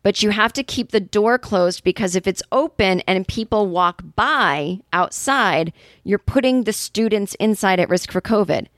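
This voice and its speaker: A woman's voice: medium pitch, lively intonation, a little slow, a bit bright, dry recording, studio quality. Ranting woman podcaster with a Boston accent. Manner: ranting, exasperated, profane. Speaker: podcast host and stand-up comedian. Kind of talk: casual comedic monologue.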